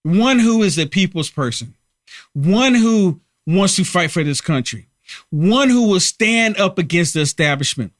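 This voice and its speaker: A high-pitched, somewhat bright male voice hosts a live political commentary stream, speaking emphatically and repeating himself to rally his viewers. The sound is clean studio quality with no room echo.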